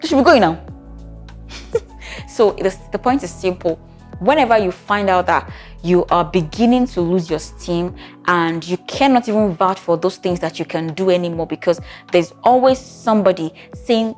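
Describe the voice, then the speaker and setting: Faint music sits behind a woman whose voice is on the low side and a little mellow, moving at a moderate pace. As a therapist in a talking-to-camera advice video, she discusses relationships conversationally and keeps checking in with the listener rhetorically.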